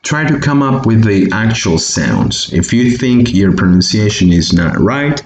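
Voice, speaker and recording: Speaking on the low side, very animated and a little slow, a Bolivian Spanish-accented man gives an online English lesson. He patiently repeats example sentences to work on pronunciation, recorded in an echoey room with faint hiss.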